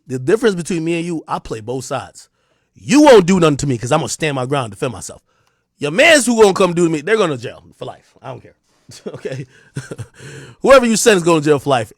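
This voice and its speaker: A man with a New Jersey accent hosting a livestream, delivering a heated, taunting rant that swings between loud jabs and low mutters. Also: no echo, studio quality. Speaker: livestream host. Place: home streaming room.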